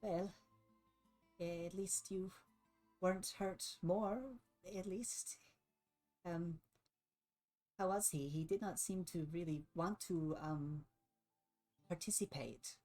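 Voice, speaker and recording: A woman's voice: on the low side, fairly even intonation, slow pace, pauses often, mellow, soft background music, pitched above the performer's own voice. A woman voicing a dainty young superhero girl who talks in a prim, affected, teasing way. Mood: concerned. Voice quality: prim, affected phrasing with a foreign-sounding "how you say".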